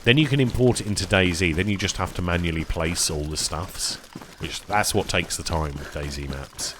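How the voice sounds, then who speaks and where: A man chatting casually while streaming a survival game, tired and rambling, easily excited by small finds. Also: deep voice, normal speed, noisy background. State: tired, yawning. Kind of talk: casual live-stream commentary.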